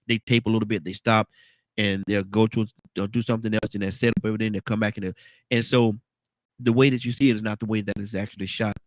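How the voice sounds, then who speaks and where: A man's voice: on the low side, dry recording. A man hosting a casual morning talk show, congested and rambling, often repeating words. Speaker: radio talk show host.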